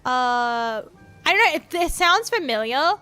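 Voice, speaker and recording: A woman's voice: high-pitched, big pitch swings, bright, forceful tone, clear, resonant tone, dry recording, faint music behind. A woman with an Australian accent chatting casually on her stream, rambling and restarting her sentences and swearing now and then. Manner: rambling, halting, with frequent restarts. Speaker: VTuber streamer. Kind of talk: casual live-stream chat.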